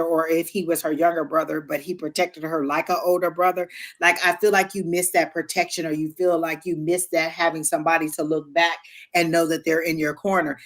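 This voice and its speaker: A woman with a fairly low voice gives a live psychic reading. She talks in an animated, emotional way and quickly shares each impression as it comes. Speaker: tarot reader.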